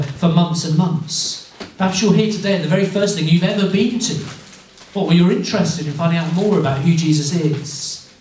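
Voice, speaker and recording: A man's voice: fairly high pitch, darkish tone, a little hiss or hum. A man with an English accent giving an earnest evangelistic talk to students, often asking his listeners questions and stumbling over repeated words. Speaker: student mission speaker. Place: university lunchtime event room. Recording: echoey room, mic far off.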